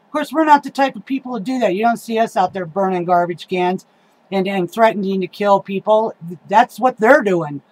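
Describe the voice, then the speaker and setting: A woman's voice: medium pitch, normal speed, darkish tone, low-quality recording. A middle-aged woman giving a casual, rambling rant about local politics, heated and swearing, with lots of ums and uhs.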